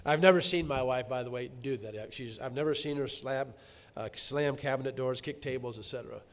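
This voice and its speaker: A middle-aged male pastor preaching a sermon, telling stories and swinging from quiet asides to loud emphatic bursts. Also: medium pitch, a little fast.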